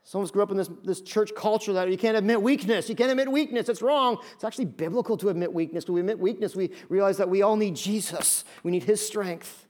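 Male pastor with a high-pitched voice, preaching with lively acted asides and repeated phrases. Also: fast, hardly any pauses. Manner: animated, acts out voices of listeners; repeats key phrases for emphasis. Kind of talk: sermon.

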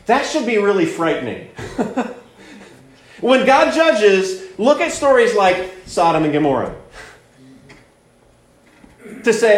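Guy with a high voice preaching, earnest, lots of uh and repeats, roomy echo. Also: very animated, measured pace. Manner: earnest, repeats words and fillers while explaining. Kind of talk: sermon teaching through a Bible passage.

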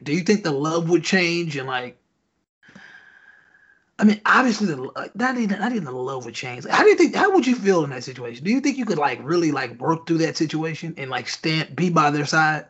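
A man's voice: fairly high pitch, slightly rough, dull audio. A man hosting a casual podcast chat, loosely posing questions to his co-host with lots of fillers.

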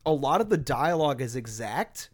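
A man co-hosting a casual podcast chat, relaxed and wry. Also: medium pitch, normal speed. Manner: relaxed, dry, wry remarks. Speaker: podcast co-host.

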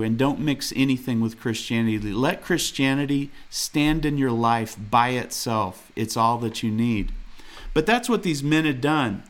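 A man preaching a sermon in an earnest, direct way, reading scripture aloud and challenging listeners with questions. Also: mid-range voice. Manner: reads scripture aloud and comments on it.

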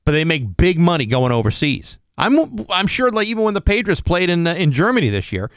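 A man's voice: on the high side, big pitch swings, fairly quick, smooth, dry recording. A man co-hosting a morning radio show, chatting casually and reading station IDs and sponsor plugs from a studio microphone.

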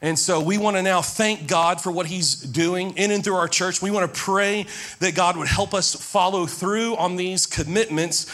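A man in his forties preaching as a pastor, telling personal stories in a conversational way and praying in a low, soft voice. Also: moderate pace. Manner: conversational storytelling, drops low and soft in prayer. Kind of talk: sermon with prayer and personal stories.

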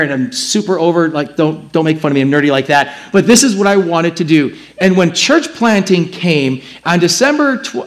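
Man preaching a lively sermon. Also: high-pitched. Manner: animated storytelling, plays out his own past replies. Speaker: pastor.

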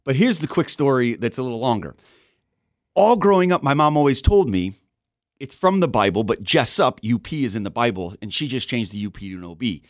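A man in his forties from Southern California, a guest on a radio show, telling stories in a lively way and acting out the voices of people he quotes. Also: mid-range voice, a little fast, dry recording, studio quality. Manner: animated storyteller, acts out quoted voices. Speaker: TV news anchor, guest. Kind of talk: casual radio interview.

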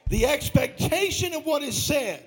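A male pastor preaching a rousing sermon, half-singing his lines and breaking into shouts. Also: extremely high pitch, animated, moderate pace. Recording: preaching over loud music.

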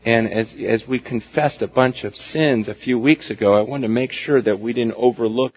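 A man preaching a sermon as pastor, animated, acting out the voices of people and God in quotes. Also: mid-range voice, moderate pace, husky. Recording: dull lo-fi recording.

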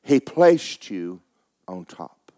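A man preaching a sermon, with folksy asides, rising loud to stress a point and dropping low to tell a story. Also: very animated, drawn-out words. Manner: folksy preaching, rises loud for emphasis, drops low for stories. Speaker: pastor.

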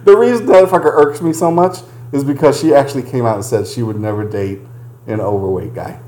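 Mellow, chuckling man cohosting. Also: mid-range voice, fairly quick, slight background noise. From Southern United States. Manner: profane, chuckling, agreeable. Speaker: podcast co-host. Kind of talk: casual podcast chat.

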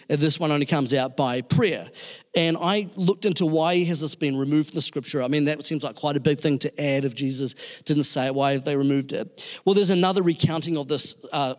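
A man's voice: fairly high pitch, fairly quick. A man preaching a sermon in a conversational way, with fillers and restarts. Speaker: pastor. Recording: long hall reverb.

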